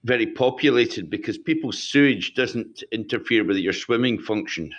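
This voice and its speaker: A man's voice: medium pitch, expressive, moderate pace, fairly bright tone, dull audio. A Scottish man chatting on a video call as a guest, hesitant with many ums and restarts. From Scotland. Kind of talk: casual video call chat.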